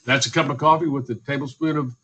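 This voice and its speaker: A man's voice: mid-range voice, steady tone, quick pace, bright, forceful tone, husky, low-quality recording. A man, speaking as a physician guest in a radio interview, emphatic and repetitive, listing points one by one. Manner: emphatic, repetitive, list-making.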